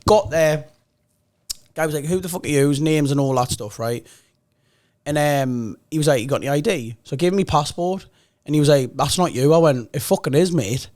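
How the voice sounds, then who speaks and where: A young man with a Geordie accent, telling a story on a podcast in a casual, animated way, swearing often and acting out other people's lines. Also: on the high side, a little fast. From North East England.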